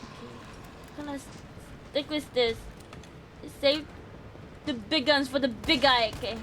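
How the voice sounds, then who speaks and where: A young woman streaming a game with excitable commentary, yelling and laughing as she plays. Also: sits high, unhurried, slight background noise. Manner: excitable, yells and laughs while playing. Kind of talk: gameplay commentary.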